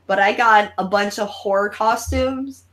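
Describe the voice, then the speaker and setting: A woman's voice: medium pitch, unhurried, a little hiss or hum, poor audio. A woman hosting a live horror movie watch-along, chatting casually with lots of swearing and jokes. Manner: profane, animated and joking. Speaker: host.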